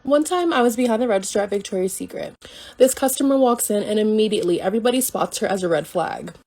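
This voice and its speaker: A woman telling a casual story about her job, animated and quoting coworkers and customers. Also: mid-range voice, quick pace. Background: faint music.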